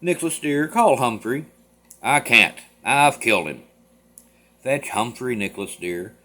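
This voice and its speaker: A man reading a play aloud, voicing a stern older mother who scolds briskly and reprovingly. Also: medium pitch, animated, pushed and bright.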